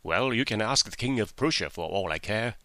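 A man voicing an angry market salesman who shouts at a pestering customer. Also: on the low side, animated, fairly quick, no echo. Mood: furious. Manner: shouting, fierce.

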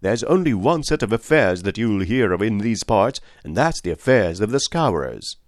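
A jittery miner warns a stranger in a low, urgent voice, as a male narrator plays him. The recording is close and dry. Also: very animated, normal speed, no echo. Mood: warning. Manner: urgent and hushed at times. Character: nervous middle-aged male miner, secretive.

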